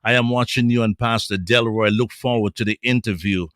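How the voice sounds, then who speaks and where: A man co-hosting a gospel radio show, reading listener comments aloud with many hesitant pauses and fillers. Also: on the low side, steady tone, fairly bright tone, clear, resonant tone, dry recording, studio quality.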